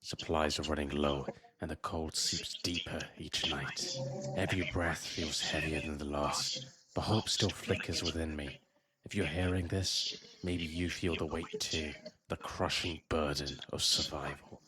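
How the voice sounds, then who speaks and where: A man voicing a grave, very deep survivor narrator. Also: fairly even intonation, background noise. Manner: solemn, dramatic narration turning into a fast sales pitch. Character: grave male survivor turned loan advertiser. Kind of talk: game voice-over. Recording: voice with clear music bed.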